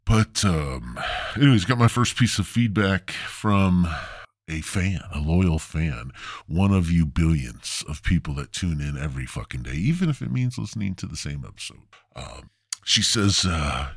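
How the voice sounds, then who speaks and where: A man's voice: low voice, animated, normal speed, gravelly, breathy edge, no echo, clean studio sound. A man hosting a podcast with a crude, rambling, mock-grandiose comedic monologue. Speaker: podcast host.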